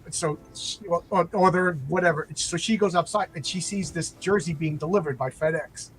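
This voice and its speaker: A man with a slightly high voice talks loosely and eagerly, stumbling over restarts as he retells a story and acts out bits of dialogue. A faint hiss of noise sits under the recording. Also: moderate pace, rough recording. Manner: rambling, animated retelling with many restarts and acted-out quotes. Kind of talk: casual chat.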